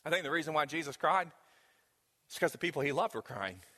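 Lively high-voiced preaching man, reverberant hall. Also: brisk. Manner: emphatic, conversational preaching with direct questions to the congregation. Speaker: pastor. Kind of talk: sermon.

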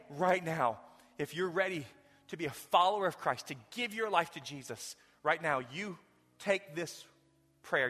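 Pastor, male, earnest sermon with altar call; bright forceful tone, big church reverb, faint music under. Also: fairly high pitch. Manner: earnest, building to fervent appeals, drops to hushed whispers. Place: large church sanctuary with balcony.

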